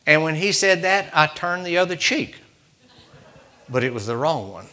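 A man's voice: on the high side, very animated, moderate pace, sharp tone. A man, preaching by telling a folksy story with rising fervor. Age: 60s. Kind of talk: storytelling sermon.

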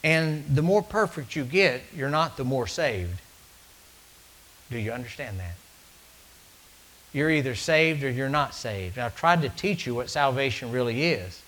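A male preacher with a drawl delivers his sermon like a story told from the pulpit. His voice is bright and forward, sitting at an ordinary middle pitch. He swings from loud, ringing calls down to hushed, near-whispered asides. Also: lively intonation, measured pace, long pauses, poor audio.

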